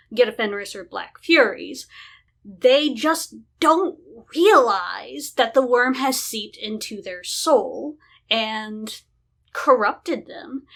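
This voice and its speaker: A woman co-hosting a podcast, giving deliberate, opinionated views on running tabletop games. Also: fairly high pitch, a bit bright. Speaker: podcast co-host. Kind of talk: casual chat about running tabletop games.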